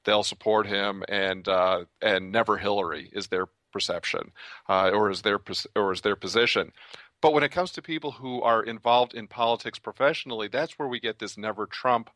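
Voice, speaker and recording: A man's voice: on the low side, moderate pace, fairly bright tone, no room sound. A man giving a long answer as a guest commentator in a radio interview, thinking aloud with frequent restarts.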